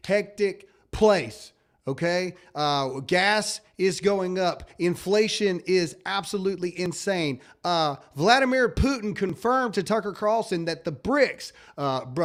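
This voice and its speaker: A man hosting a casual talk show, emphatic and pleading, often stammering and repeating himself. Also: high-pitched. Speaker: show host.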